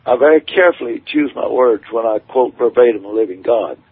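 A man's voice: medium pitch, lively intonation, a little fast, slightly rough, no echo. A man preaching his testimony in an earnest, emphatic storytelling manner. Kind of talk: testimony sermon. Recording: tinny phone-like radio broadcast.

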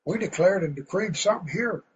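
A man preaching a sermon in a folksy, fervent way, now and then getting loud. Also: sits high, expressive, fairly quick, highs cut off, slight background noise.

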